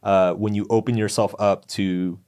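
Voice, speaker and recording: A man's voice: lowish voice, little pitch movement, normal speed, darkish tone, clean tone. A man in his thirties musing aloud on a casual podcast, with plenty of hesitant restarts. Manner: rambling, hesitant, reflective.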